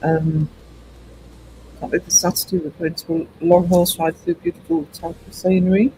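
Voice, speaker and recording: A man's voice: sits high, big pitch swings, moderate pace, creaky, mellow, slight background noise, low-quality recording. A man hosting a live stream, rambling chattily and greeting viewers in chat by name. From United Kingdom. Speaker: livestream host.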